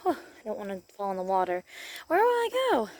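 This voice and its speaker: A woman narrating a playful doll role-play in an excitable voice, gasping and exclaiming as she goes. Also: medium pitch, a little fast.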